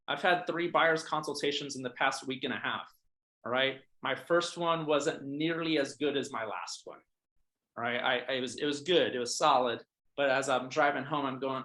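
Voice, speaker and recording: A man's voice: mid-range voice, normal speed, bright, forceful tone, rough recording. A man, a realtor coaching other agents in a casual training talk, who keeps checking in with "all right?" and restarts his sentences often. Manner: frequent fillers and restarts.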